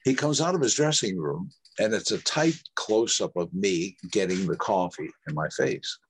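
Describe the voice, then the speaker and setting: A man's voice: on the low side, animated, moderate pace, slight background noise. An older man, an actor guest, telling rambling stories in an interview, with restarts and quoted dialogue. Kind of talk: anecdotal interview storytelling.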